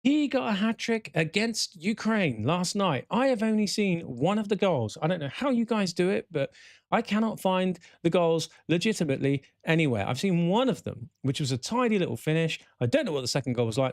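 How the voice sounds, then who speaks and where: Animated man hosting a football chat show. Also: high-pitched, brisk, dry recording, clean studio sound. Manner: animated, swearing, exasperated rants. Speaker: podcast host.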